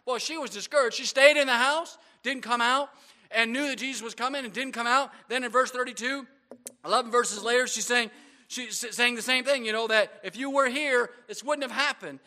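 A man's voice: extremely high pitch, brisk, sharp tone. A man preaching a sermon as pastor, with frequent amens and repeated stumbles on words.

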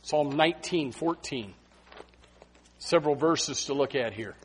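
A male pastor preaching a sermon in a church, emphatic and repetitive, swinging from hushed asides to loud exhortation. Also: a little high, lively intonation, unhurried, slight background noise. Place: church sanctuary.

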